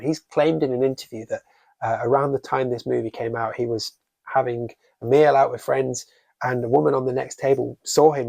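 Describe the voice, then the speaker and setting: A man's voice: mid-range voice, creaky, darkish tone, no echo. Sarcastic, foul-mouthed male film reviewer. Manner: sarcastic, swears freely. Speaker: horror book and film reviewer. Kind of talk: casual scripted review.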